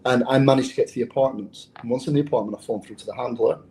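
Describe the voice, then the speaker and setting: A man's voice: medium pitch, steady tone, racing, warm tone, slight background noise, rough recording. An English man who is a former undercover police officer, telling a story in an interview in a blunt, profane way. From England.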